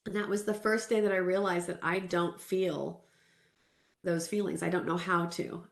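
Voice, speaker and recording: A woman's voice: on the low side, fairly even intonation, normal speed, creaky. A woman in her forties from Southern California, giving a self-care talk in a candid, earnest, conversational way, sharing a personal story with restarts. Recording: roomy echo.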